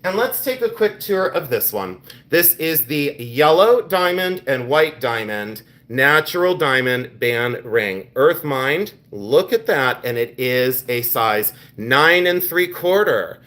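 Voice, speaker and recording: A middle-aged man hosting a live jewelry sale stream, talking in quick exclamations as he shows each piece. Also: mid-range voice, big pitch swings, a bit bright. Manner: exclamatory, enthusiastic show-and-tell.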